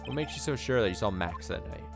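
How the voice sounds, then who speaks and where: A man's voice: lowish voice, animated, quick pace. A man voicing an earnest young male defense lawyer in a let's play, asking probing questions, with game music behind.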